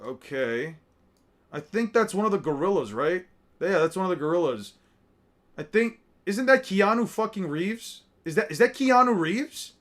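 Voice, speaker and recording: A man's voice: high-pitched, animated, normal speed, fairly bright tone. A man giving casual, profane commentary, muttering names and reactions as he looks over a crowded picture. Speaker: streamer reacting to artwork.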